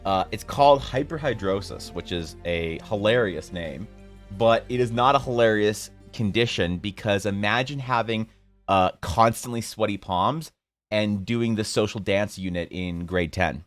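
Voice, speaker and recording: A man's voice: fairly low pitch, measured pace. Rambling, self-mocking young man. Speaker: streamer and artist. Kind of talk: casual storytelling on a live stream. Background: faint music.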